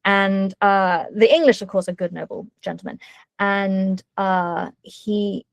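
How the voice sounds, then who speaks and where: A woman author in a casual interview, telling stories in a lively way with quick asides and many fillers. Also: mid-range voice, gravelly, dry recording.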